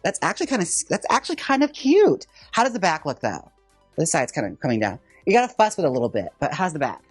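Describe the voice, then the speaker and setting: A man's voice: a little high, quick pace, breathy edge, dry recording, soft background music. A drag queen host chatting campily and sassily while styling a wig in a casual vlog. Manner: campy, sassy, animated chatter.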